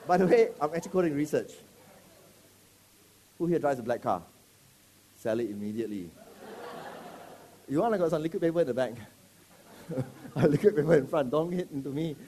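Animated preacher. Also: male voice, on the high side, brisk, long pauses. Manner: animated, mock-serious, often shouting. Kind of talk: sermon with comic role-play.

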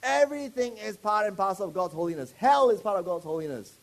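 A man preaching a sermon, animated and joking, quizzing his congregation with questions. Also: sits high, fast talker, vocal fry.

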